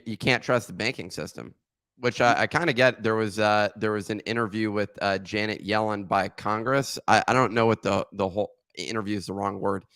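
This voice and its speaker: Low bright-voiced man, halting. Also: smooth, no echo. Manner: halting, many restarts and fillers. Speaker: podcast co-host. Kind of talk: casual podcast chat.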